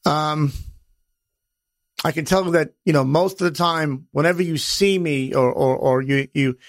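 Gruff, gravelly New podcast host. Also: male voice, on the high side, a little slow, no echo, clean studio sound. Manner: blunt and profane, gruff wise-guy delivery. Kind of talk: personal podcast monologue.

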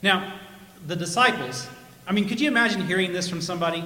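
A man's voice: sits high, animated, fast, bright, forceful tone. A male pastor giving a chatty sermon with humorous stories, laughing at his own jokes, in a church. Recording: echoey church hall.

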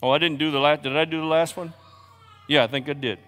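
A man preaching from the pulpit, his voice sitting a little high as he drops to near-whispers and then climbs to shouts. The sound rings with the long reverb of a large church hall. He urges the congregation on like a drill sergeant. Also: fairly even intonation, fast. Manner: impassioned preaching that swings from hushed to shouting. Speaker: pastor. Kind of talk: sermon.

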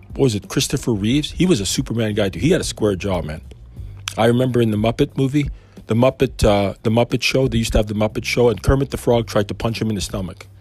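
A man's voice: lowish voice, darkish tone, breathy edge. A man giving an informal Christian talk, wandering into conversational asides. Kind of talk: informal preaching.

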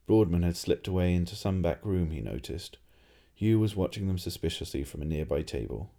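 A man reading a humorous fantasy story aloud as narrator, in a dry, lively storytelling manner. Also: low-pitched, a little fast, vocal fry. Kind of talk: audiobook reading.

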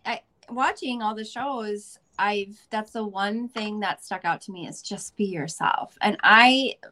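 A woman's voice: mid-range voice, pushed and bright. A woman from the Midwestern US, a guest chatting casually in an interview, upbeat and goofy, laughing often. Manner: goofy, upbeat, talks in quick bursts with laughs.

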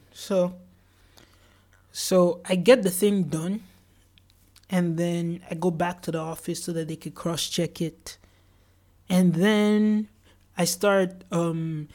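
In a slightly mellow mid-range voice, a solo podcast host chats casually about their day. Along the way they lean on "like" as filler and act out what others told them.

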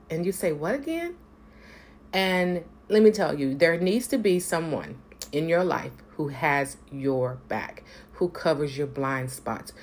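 A woman with a low voice speaks earnestly about growth and spirit. She is emphatic and blunt, and swears now and then for emphasis. Faint noise sits behind her. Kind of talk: personal reflective talk to camera.

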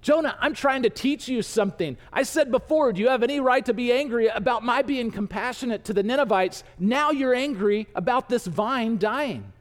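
Man voicing God, patient loving father, pleading, high voice, reverberant hall. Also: expressive, moderate pace.

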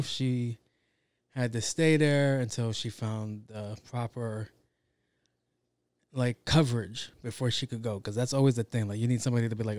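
A man's voice: medium pitch, normal speed, no echo. A young man telling a story from work in a casual, profane, slangy way, acting out what people said. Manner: profane, slangy, animated with acted quotes.

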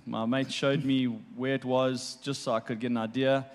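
A man speaking as a guest with a middle-pitched voice, telling his own story. He talks in a heartfelt, halting way, often repeating words as he searches for them. He laughs lightly between memories. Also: level tone. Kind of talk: personal storytelling.

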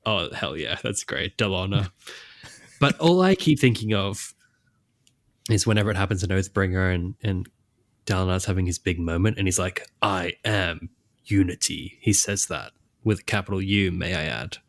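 A man co-hosting a casual podcast chat, animated and quick to laugh. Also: deep voice, no echo. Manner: animated, laughs often, acts out characters' lines. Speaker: podcast co-host.

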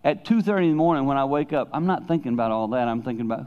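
An older man preaching to a congregation, his delivery animated as he leans into loud, emphatic lines and then drops to quiet, confiding asides. He sits at an ordinary mid pitch. The recording is dull and lo-fi. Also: racing. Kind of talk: sermon.

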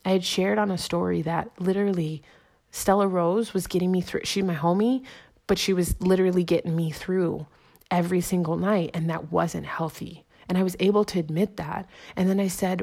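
A woman delivers an inspirational monologue in a low, gravelly voice. She speaks earnestly and encouragingly, stacking affirmations one after another. She slows down to let her key lines land. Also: fairly even intonation, a little mellow. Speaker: motivational speaker.

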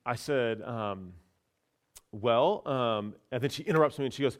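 A pastor telling a personal story in a casual, chatty sermon, with many fillers and restarts. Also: male voice, mid-range voice, a little slow.

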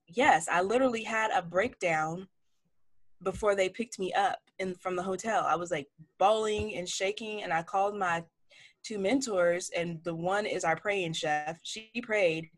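Frank, lively forty-year-old woman chef. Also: mid-range voice, moderate pace, faint music behind. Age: 40s. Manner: frank, animated storytelling with acted-out quotes. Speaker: chef and interview guest. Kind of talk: casual interview conversation. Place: home office lined with cookbooks.

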